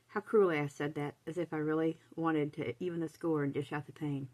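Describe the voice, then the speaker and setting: A woman reads a novel aloud in the first person, in a low-pitched voice. Her delivery is measured and dramatic. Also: fairly even intonation, darkish tone, rough recording. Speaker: audiobook reader.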